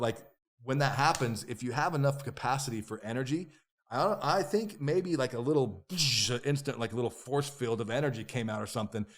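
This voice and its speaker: A man telling stories as a podcast guest, animated and profane, acting out what others said in bursts. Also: medium pitch. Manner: animated, profane, acts out quoted voices. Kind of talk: casual interview storytelling.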